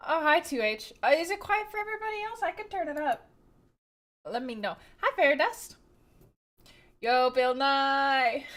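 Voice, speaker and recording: Giggly high-voiced woman streamer. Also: a bit bright. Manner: chatty, giggly, greets viewers by name. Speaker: livestreamer. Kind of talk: casual chat greeting viewers.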